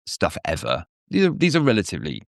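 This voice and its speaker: A man's voice: sits low, wildly swooping pitch, fast talker, vocal fry, dry recording, studio quality. A man guest on a podcast, chatting casually with rambling, self-mocking asides. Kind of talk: casual chat.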